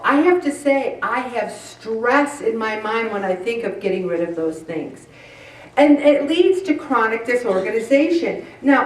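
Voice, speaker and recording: Woman, 60s, group leader; chatty, acts out scenes, fairly high voice, recorded from a distance in a roomy hall. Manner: chatty, acts out little scenes, laughs often. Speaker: host of a Catholic weight loss group. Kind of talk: talk to a group.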